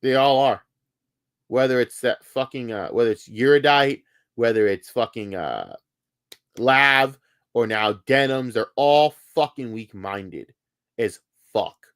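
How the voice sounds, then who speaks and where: A man's voice: medium pitch, expressive, takes it slowly, fairly bright tone, clear, resonant tone, dry recording, studio quality. Guy streaming live, mad and swearing nonstop, stutters words when he's heated. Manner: heated, profane, repeats words when worked up. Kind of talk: angry live-stream rant.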